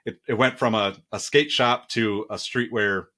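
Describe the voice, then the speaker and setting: Male host, easygoing, rambles with fillers, lower-pitched voice. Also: steady tone, moderate pace, bright, forceful tone. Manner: laid-back, many fillers like "like" and "you know". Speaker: interview host. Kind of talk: casual interview chat.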